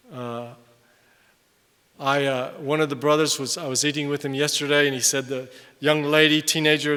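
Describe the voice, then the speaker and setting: An older man, a missionary, giving an animated conference sermon, loud on emphasis and quiet in asides. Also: a little high. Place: large hall. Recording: long hall reverb from a distance.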